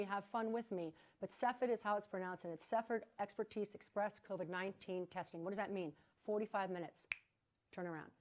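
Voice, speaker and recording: A woman hosting a live fundraising broadcast with an energetic, emphatic delivery. She talks off the cuff in a chatty way, at a mid-range pitch. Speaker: fundraising gala host.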